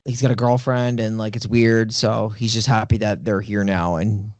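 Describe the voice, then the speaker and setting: A man's voice: on the low side, little pitch movement, moderate pace, darkish tone, dry recording. Rambling young-sounding man, dry studio voice. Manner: rambling, many "like" fillers, swears casually. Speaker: podcast co-host. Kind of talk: casual chat. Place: podcast studio.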